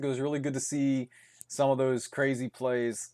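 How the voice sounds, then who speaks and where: A young man casting an esports tournament on his own, talking in a steady chatty stream. He rambles through plays with fillers and little chuckles, now and then speeding up into quick bursts. His voice sits at an ordinary middle pitch. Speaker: tournament caster. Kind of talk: solo esports commentary.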